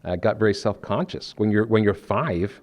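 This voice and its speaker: This New Jersey-born spiritual speaker talks live at a lecture-room podium, sharing personal stories in a conversational way with frequent restarts. He speaks at normal speed in a voice on the low side.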